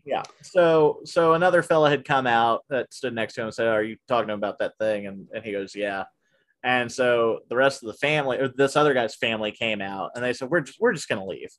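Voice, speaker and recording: A man hosting a podcast, casually telling stories about his work at a movie theater in an animated way, often laughing as he goes. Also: medium pitch, brisk. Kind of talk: casual storytelling chat.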